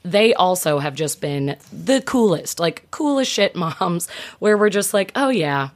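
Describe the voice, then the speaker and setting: A woman's voice: lowish voice, animated, measured pace. A woman guesting on a podcast, a mother chatting casually, sympathetic and laughing often. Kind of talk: casual chat.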